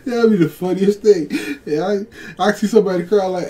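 A young man giving casual reaction commentary as a video host, excitable, laughing often and stumbling over his words. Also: high voice, brisk.

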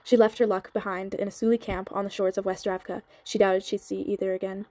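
Woman, novel reading, mellow tone, dry close sound, sped-up audio. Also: medium pitch, brisk, no echo. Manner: even, steady reading with small slips and restarts. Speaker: audiobook reader. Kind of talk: novel read aloud.

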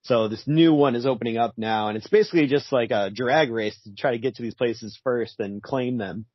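Husky-voiced man, wry and laughing. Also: medium pitch, fairly quick, no room sound, muffled recording. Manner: wry, laughs often, short agreeing replies. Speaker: podcast co-host. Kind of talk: casual comic book discussion.

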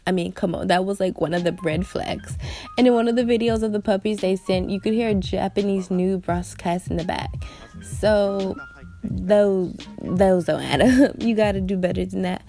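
Mellow woman, wry voice-over. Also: medium pitch, normal speed, vocal fry, faint music behind. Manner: wry, conversational. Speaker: vlogger. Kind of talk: storytelling voice-over.

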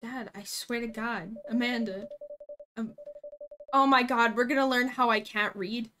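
A woman's voice: a little high, a little slow, a little hiss or hum. Giggly young woman streaming a game. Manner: excitable, giggly, talks to herself. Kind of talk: live game stream commentary.

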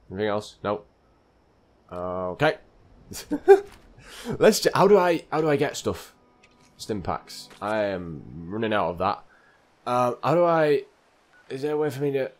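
A man's voice: fairly low pitch, lively intonation, moderate pace, pauses often. A man giving live gameplay commentary, talking to himself in a flustered way and repeating phrases as he plays. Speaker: gaming channel host.

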